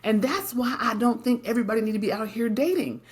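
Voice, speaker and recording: A woman's voice: on the high side, fast. Emphatic, candid middle-aged woman co-host. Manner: emphatic and candid, frequent tag questions. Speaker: podcast co-host. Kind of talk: casual podcast conversation.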